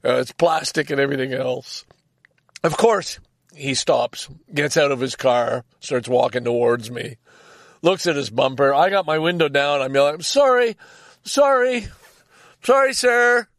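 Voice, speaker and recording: A man's voice: mid-range voice, fairly even intonation, normal speed, dry recording, clean studio sound. An older man telling a rambling, exasperated story in a casual monologue, swearing freely. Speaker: vlogger.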